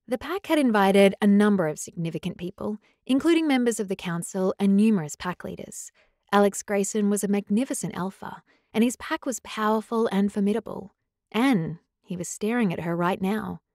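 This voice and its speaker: A woman reading a romance audiobook in an even storytelling manner on a close studio mic. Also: mid-range voice, dry recording. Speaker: audiobook narrator. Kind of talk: scripted narration.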